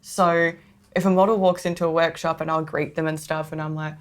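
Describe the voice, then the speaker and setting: A woman's voice: deep voice, flat delivery, brisk. A woman with an Australian accent, co-hosting a podcast in casual chat, chatty and self-mocking with frequent laughs. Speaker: podcast co-host.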